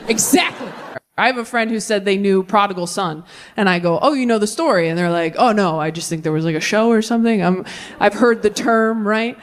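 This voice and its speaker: A woman in her thirties performing a stand-up comedy set, animated and jumping into high, exaggerated voices for the people she quotes. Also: brisk.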